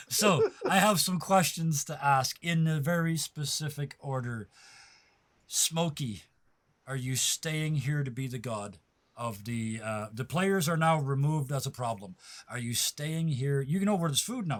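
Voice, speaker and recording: A man's voice: a little high, a little slow, fairly bright tone. Playful man narrating a tabletop game. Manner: playful, laughs often, self-correcting. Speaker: game master.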